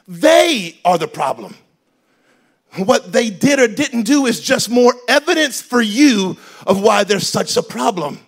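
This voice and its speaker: A man preaching a sermon as pastor in a church, animated and joking, switching between loud emphasis and quiet asides. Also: high voice, measured pace, creaky. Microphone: handheld microphone.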